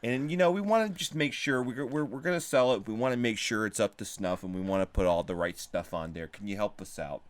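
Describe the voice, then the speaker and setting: A man's voice: lowish voice, fairly quick, hardly any pauses, clear, resonant tone, close to an everyday voice. A man voicing a brash male pawn shop employee with a put-on Chicago accent. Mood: pushy.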